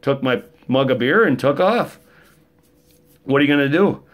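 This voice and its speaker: A middle-aged male vlogger rambles through a joking, casual monologue, telling stories with a rough edge. His mid-range voice is animated and moves at a normal speed.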